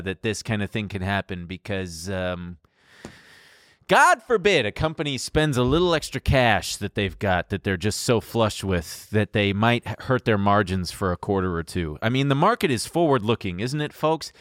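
A man's voice: mid-range voice, unhurried, clean tone, no room sound, studio quality. A man co-hosting a podcast, ranting with heavy sarcasm and a lot of swearing. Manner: sarcastic, profane, animated. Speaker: podcast co-host. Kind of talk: sarcastic casual chat. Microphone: studio microphone.

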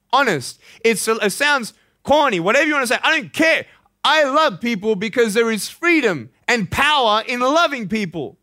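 Earnest young guy giving a pep talk to students, kinda high voice, bright and punchy. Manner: impassioned, earnest and emphatic. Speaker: motivational speaker. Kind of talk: motivational speech to students.

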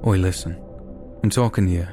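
A drunk, menacing football hooligan, as a deep-voiced man puts him on hurls taunts in a low, heavy voice. Faint music sits under the reading. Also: steady tone, fairly quick, close to an everyday voice. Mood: taunting. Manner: taunting, shouted lines.

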